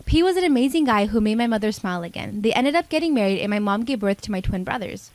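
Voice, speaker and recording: A woman in her twenties reading a confessional story in an even, steady way. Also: mid-range voice, quick pace, no echo. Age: 20s.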